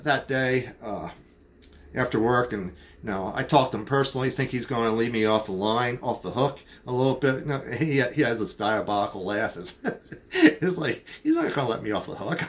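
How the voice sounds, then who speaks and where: Rambling casual man telling a car story. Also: mid-range voice. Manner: rambling, many restarts and fillers, chuckles often. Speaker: car hobbyist vlogger.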